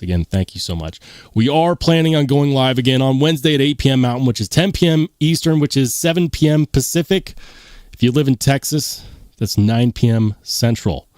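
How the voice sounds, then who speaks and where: A man's voice: medium pitch, darkish tone, no room sound, clean studio sound. A man hosting a live stream, chatting casually and rambling to his viewers, calling them guys. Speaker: livestream host.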